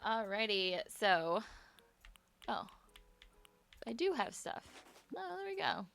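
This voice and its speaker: A woman's voice: mid-range voice, big pitch swings, slow, vocal fry, a bit bright, faint music behind. A young woman chatting casually to viewers on a live stream while playing a game, rambling with lots of fillers and restarts.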